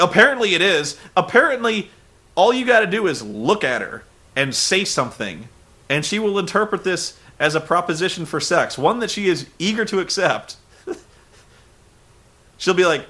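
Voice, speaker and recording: Sarcastic male reviewer, bright forceful tone, a bit high. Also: big pitch swings, normal speed, long pauses. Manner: sarcastic, exasperated. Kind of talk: comedic recap.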